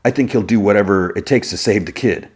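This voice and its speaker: A man's voice: on the low side, a little mellow, slightly rough. Man doing a cool, calculating schemer. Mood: measured. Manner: measured, reasoning. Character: calculating man arguing coolly.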